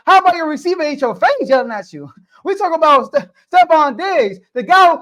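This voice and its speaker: A man from the United States who hosts a sports podcast. He debates in an animated, casual way, throws out rhetorical questions and speaks directly to the athletes. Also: extremely high pitch. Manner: animated, rhetorical, talks straight to the players.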